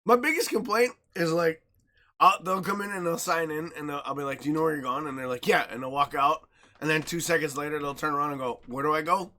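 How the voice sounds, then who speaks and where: A man's voice: on the high side, quick pace. A man co-hosting a casual podcast, swearing freely, laughing a lot and acting out stories. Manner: profane, laughs often, animated storytelling. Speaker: podcast co-host. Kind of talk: casual chat.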